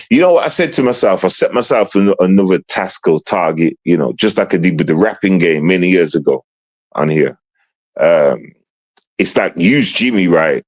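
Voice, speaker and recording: A man's voice: low-pitched, animated, moderate pace. A middle-aged man, ranting on a live stream in a rambling, heavily swearing way. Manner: rambling and heavy-swearing, full of repeated fillers. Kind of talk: casual live-stream rant.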